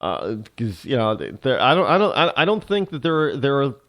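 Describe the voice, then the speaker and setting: A man hosting a talk show, giving a rambling political commentary monologue full of halting restarts. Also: mid-range voice, sing-song, fairly bright tone.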